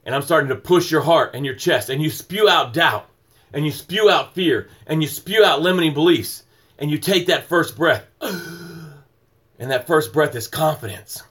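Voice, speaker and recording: A man's voice: fairly high pitch, expressive, normal speed, fairly bright tone, slightly rough. A middle-aged man hosting a motivational morning livestream, speaking in an emphatic, rhythmic preaching cadence and greeting viewers by name.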